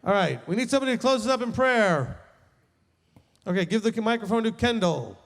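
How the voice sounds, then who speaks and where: Animated high-voiced rabbi in a tent. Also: male voice, a little fast, long reverb tail. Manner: animated, joking, emphatic. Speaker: rabbi teaching a midrash. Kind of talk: lively teaching talk. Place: large tent with a live group.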